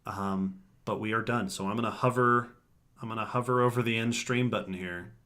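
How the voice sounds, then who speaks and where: Bright-voiced, chatty man co-hosting a podcast. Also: lowish voice, steady tone, fairly quick. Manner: rambling, laughs often, reads chat comments aloud. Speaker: podcast co-host. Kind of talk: casual livestream sign-off chat.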